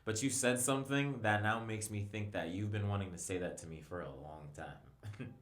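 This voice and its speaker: Deep-voiced man, earnest, in an echoey room. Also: moderate pace, a bit bright. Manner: earnest, emphatic. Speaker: podcast guest. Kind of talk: casual chat.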